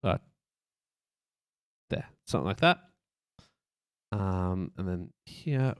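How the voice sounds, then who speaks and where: Slow and low-pitched, this man's voice swings widely in pitch and has a clean tone, captured dry at studio quality. He chats his way through building a website layout on a live stream, loosely rambling, thinking aloud, and throwing in playful sound effects.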